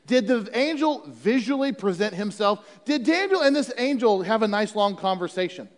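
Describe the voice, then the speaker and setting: Brief: male pastor, sermon, casual and joking between readings, high voice, long hall reverb. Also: animated, normal speed. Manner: conversational, humorous asides.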